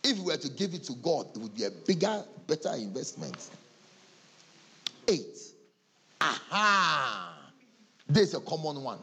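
A man's voice: a little high, sing-song, unhurried, pauses often, pushed and bright, husky. A man with a Ghanaian English accent, preaching as a pastor, acting out church members' excuses and laughing often. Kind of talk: sermon.

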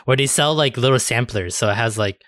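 A man's voice: medium pitch, brisk, a bit bright, no room sound, studio quality. A man hosting a casual podcast, chatting loosely, swearing freely and leaning on fillers like "uh" and "like". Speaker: podcast host.

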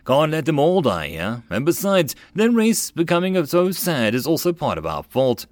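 A man voicing a calm, confident young male military lieutenant who gives steady orders in an audiobook. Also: a little high, normal speed, no room sound, voice pushed up.

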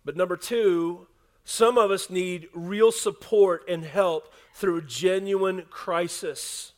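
A man preaching a sermon to his congregation in a conversational way, often dropping to a soft hush for emphasis. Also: high-pitched, takes it slowly. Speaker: pastor. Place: church service with a congregation.

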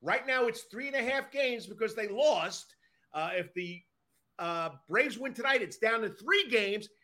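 A man with a high, animated, sharp-toned voice speaks a little slowly as co-host of a baseball podcast. In this casual sports chat he stays upbeat and nudges the talk along.

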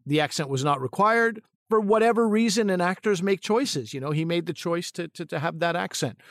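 A man with a fairly high speaking voice co-hosts a casual podcast, thinking aloud as he tells a story. He often restarts his sentences. The sound is close and dry, with no room echo. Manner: thoughtful storyteller with frequent restarts. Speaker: podcast co-host, comedic actor.

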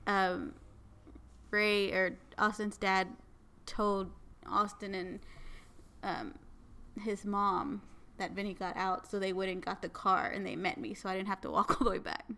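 A woman telling a funny story in casual chat, animated and quick to laugh at herself. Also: medium pitch.

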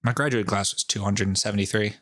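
Rhode island guy on a podcast, low voice, super dry close sound, cussing a lot while he tells a ghost story. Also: fast, dry recording. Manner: profane, off-the-cuff and animated. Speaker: podcast co-host. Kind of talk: casual chat, storytelling.

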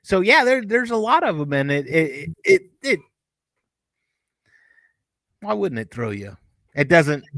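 A man's voice: a little high, sing-song, a bit bright, dry recording. A man co-hosting a fan review podcast in casual chat, often stumbling over his words and restarting sentences. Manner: halting, many restarts and fillers. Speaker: podcast co-host.

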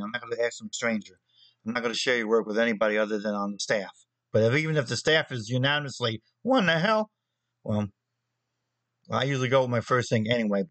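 A man from New holds forth as a magazine editor on his show, blunt and emphatic. He hammers his points by repeating them. His voice sits at an ordinary pitch in a dry, close recording. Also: a bit bright, no room sound, poor audio. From New Jersey. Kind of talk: opinion monologue on a show.

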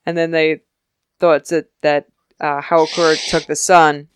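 A young woman co-hosting a podcast, chatting casually about a TV episode and acting out the characters in quick voices, laughing often. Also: sits low, level tone, clear, resonant tone, no echo, clean studio sound. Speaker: podcast co-host recapping a TV episode. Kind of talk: casual chat.

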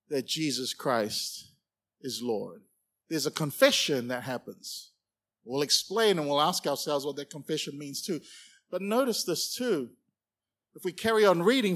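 A man preaching a sermon, animated and playful, acting out little characters as he goes. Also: a little high. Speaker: pastor.

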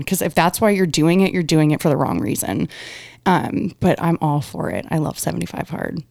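Lively storytelling woman, smooth and dry. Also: deep voice, moderate pace, no room sound. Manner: animated storyteller, acts out quotes, laughs, swears. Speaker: guest. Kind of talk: casual podcast chat.

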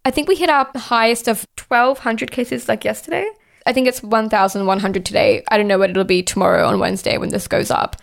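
A woman's voice: on the high side, brisk, vocal fry. A young woman hosting a podcast, ranting casually with heavy swearing and constant "like". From Australia. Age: young adult. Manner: exasperated, heavy swearing, lots of "like". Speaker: podcast host.

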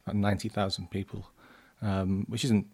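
Chatting casually as a podcast guest, this man in his 30s from northern England has a lowish, level, slightly rough and mellow voice that runs a bit fast. He's a journalist who hesitates often, with frequent ums and false starts.

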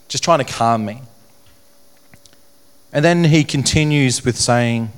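A young man telling his personal story to an audience, in an earnest, halting way that repeats phrases. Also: medium pitch, clear, resonant tone. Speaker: speaker telling his testimony. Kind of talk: personal testimony talk to an audience.

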